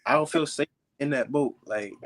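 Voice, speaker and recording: Young male guest, relaxed slangy talker with a mid-pitched voice. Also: normal speed. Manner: laid-back, slangy, lots of "like" fillers. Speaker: podcast guest, fighter. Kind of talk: casual podcast chat.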